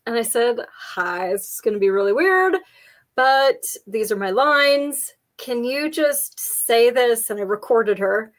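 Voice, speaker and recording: A woman co-host in casual conversation, talking at an unhurried, drawn-out pace. She tells rambling, jokey anecdotes and laughs often, with an easygoing, playful delivery. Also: on the high side, animated. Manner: chatty, jokey storyteller, frequent laughs. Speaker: podcast co-host. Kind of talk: casual chat.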